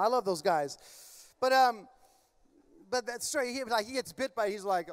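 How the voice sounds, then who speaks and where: High-voiced impassioned male preacher. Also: a little fast, smooth. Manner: impassioned, emphatic preaching with loud bursts; relaxed rambling storytelling with fillers. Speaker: pastor. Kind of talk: sermon. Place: large church.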